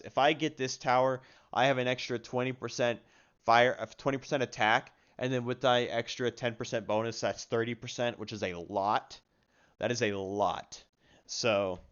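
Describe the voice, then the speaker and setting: Young male gamer, casual filler-heavy commentary, smooth voice, slightly dull lo-fi recording. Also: medium pitch, a bit bright. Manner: chatty, frequent fillers, self-deprecating. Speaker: gaming video creator.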